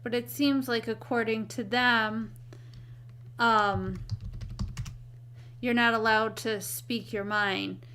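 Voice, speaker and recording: Slow, hesitant woman live-streaming. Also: on the high side, fairly bright tone, slight background noise. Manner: hesitant, many fillers. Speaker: channel host.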